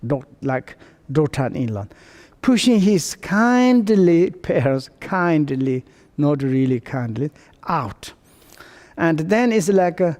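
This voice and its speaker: A man teaching Buddhist texts in unhurried, broken non-native English, pausing often on fillers and restarts. His voice sits slightly high but sounds soft and warm. He acts out family quarrels in quoted voices, and a long reverb hangs around everything he says. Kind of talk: dharma teaching seminar.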